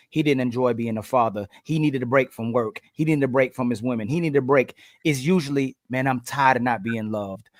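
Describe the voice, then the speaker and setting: A man's voice: mid-range voice, no echo, clean studio sound. A man co-hosting a panel debate, making emphatic points in long runs of repeated phrases. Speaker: panel co-host.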